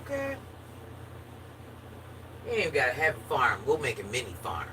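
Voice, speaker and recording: A woman's voice: rumbling low, wildly swooping pitch, normal speed. A woman chatting casually with her viewers in a playful, joking manner. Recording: distant mic with faint background noise.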